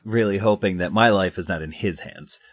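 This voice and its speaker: Player, man, lowish voice, dry close mic, deadpan. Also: moderate pace, no echo. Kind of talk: casual tabletop play.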